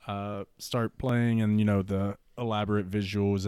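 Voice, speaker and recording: A man's voice: on the low side, flat delivery, measured pace, background noise. A man co-hosting a podcast in casual chat, rambling with fillers as he tells the story. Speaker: podcast co-host.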